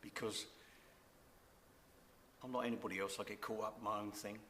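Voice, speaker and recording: A man's voice: fairly low pitch, fairly even intonation, moderate pace, sharp tone, slight background noise. Earnest older Englishman sharing testimony. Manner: earnest and reflective, repeats key words. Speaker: church member giving testimony. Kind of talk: personal faith testimony.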